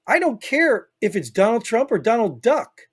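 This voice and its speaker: A man's voice: very high-pitched, very animated, moderate pace, husky. A man with a Northern US accent, co-hosting a podcast in opinionated casual chat, rambling and emphatic with frequent "you know what I mean.". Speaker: podcast co-host.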